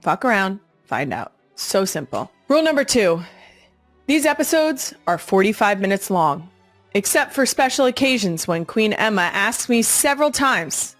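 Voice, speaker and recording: A woman in her thirties hosts her own podcast, speaking in a casual monologue that's blunt, sassy and full of swearing. Her mid-range voice is animated and moves at a normal speed. There's no room sound, just soft music in the background.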